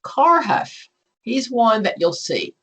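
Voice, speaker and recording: Husky, chatty woman exam coach. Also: on the high side, takes it slowly, rough recording. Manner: chatty and animated, acts out client scenarios. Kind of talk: live online class lecture.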